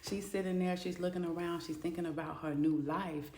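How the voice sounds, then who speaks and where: A woman's voice: lowish voice, steady tone, fairly quick, a little mellow. A woman narrating a storytime video in a casual, conversational way. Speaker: storyteller and booktuber. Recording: echoey room.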